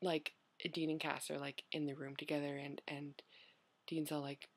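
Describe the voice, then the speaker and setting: A woman's voice: deep voice, flat delivery, moderate pace, slightly rough. A young woman vlogger chatting casually as she answers questions, rambling and filling her talk with "like" and "you know".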